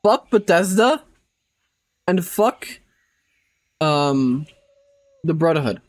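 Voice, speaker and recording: A man's voice: on the high side, expressive, slow pace. A man live-streaming who chats casually with his audience, making crude jokes, laughing often and rambling.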